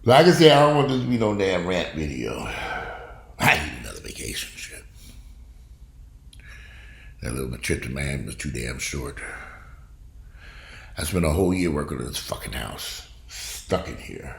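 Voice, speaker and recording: Gravelly, blunt man ranting to camera. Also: very animated, normal speed, long pauses, roomy sound. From United States. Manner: profane, blunt, swings from loud outbursts to low grumbling. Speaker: vlogger. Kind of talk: casual ranting monologue to camera.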